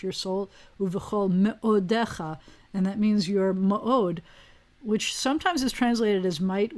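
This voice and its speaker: A woman rabbi teaching an online Hebrew class in a relaxed, digressive way, with plenty of fillers, speaking into a video call mic. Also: medium pitch. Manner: chatty, digressive, with frequent fillers.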